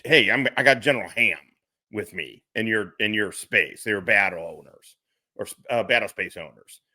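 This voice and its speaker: With a lowish voice that sounds pushed and bright, a middle-aged man co-hosting a podcast spins a casual, meandering, foul-mouthed story, laughing and impersonating the officers in it. He talks at a normal speed, and the studio-quality audio has no echo.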